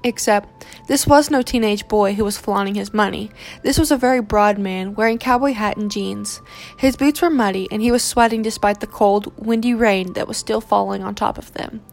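A woman reading a romance novel aloud in steady, measured narration. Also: medium pitch, gravelly.

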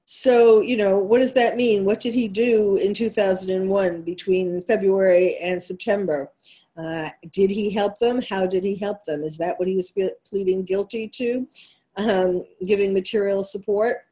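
A talk radio host, a woman whose New York accent colours her speech. She talks straight at her listeners in an emphatic monologue and keeps asking them rhetorical questions. Her voice sits at an ordinary middle pitch for a woman. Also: steady tone, normal speed, mellow.

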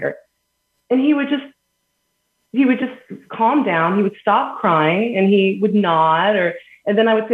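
A woman speaks unhurriedly with frequent pauses in a medium-pitched voice as a podcast interview guest. She earnestly explains using everyday examples, laughing between points, over an echoey phone-quality line.

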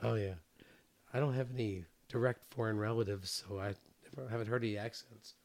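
A man in casual podcast chat, speaking haltingly with many fillers. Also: on the low side, fairly even intonation, a little hiss or hum.

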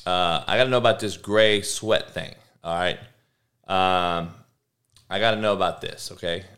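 A man's voice: sits low, moderate pace, a bit bright. Profane slangy podcast host man. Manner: profane, slangy, talks back to chat. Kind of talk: casual live-stream chat.

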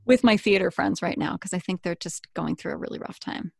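A woman's voice: lowish voice, fairly quick, gravelly, dry recording, studio quality. A woman chatting casually as a podcast guest, laughing often. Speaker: guest, accent impressionist.

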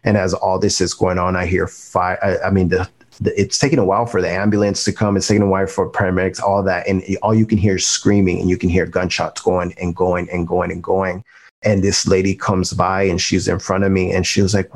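A man's voice: sits low, flat delivery, normal speed, creaky. A man giving an earnest, emotional personal testimony on a faith interview, restarting his sentences as he goes. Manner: faith-filled, speaks of God and prayer. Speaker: guest.

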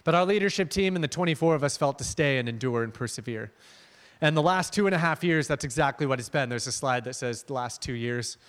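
A young man giving a casual, animated sermon as a guest missions leader. He shifts between emphatic high points and quiet asides, with fillers and restarts. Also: fast talker. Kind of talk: conversational sermon. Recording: long hall reverb.

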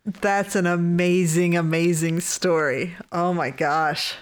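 A woman's voice: fairly low pitch, fairly even intonation, slow. A woman hosting a podcast interview, reacting with laughs and exclamations before wrapping up. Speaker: podcast host.

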